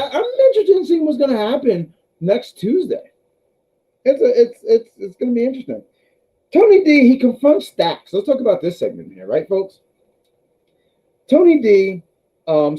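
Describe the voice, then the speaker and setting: A man talks loosely through a live review stream, addressing his chat directly and tripping over his own restarts. His pitch jumps around a lot and sits a bit high for a man. The audio is a little dull and lo-fi. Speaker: wrestling review host.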